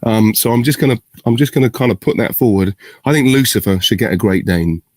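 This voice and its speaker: A man's voice: lowish voice, a little fast, dry recording. A middle-aged man, answering fan questions in a casual video Q&A and thinking aloud in rambling, self-interrupting, good-humoured talk. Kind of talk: casual virtual Q&A. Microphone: video call.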